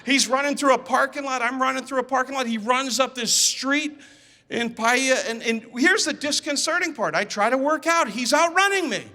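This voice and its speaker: Animated man telling a story on stage. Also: extremely high pitch, normal speed. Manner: animated, acts out dialogue, repeats words. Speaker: speaker. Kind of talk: storytelling talk to an audience. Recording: reverberant hall.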